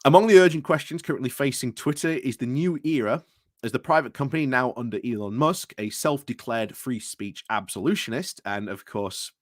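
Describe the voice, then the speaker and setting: A man's voice: medium pitch, brisk, no room sound, studio quality. A British man hosting a casual livestream, rambling through commentary with restarts and greetings to chat, recorded indoors at home. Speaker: livestream host.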